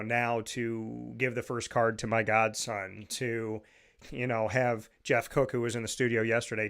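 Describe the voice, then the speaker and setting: A man's voice: medium pitch, fairly bright tone, smooth. A man hosting his own radio and podcast show in a studio, talking with upbeat enthusiasm and rattling off plugs and lists. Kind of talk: energetic show talk and sponsor plugs.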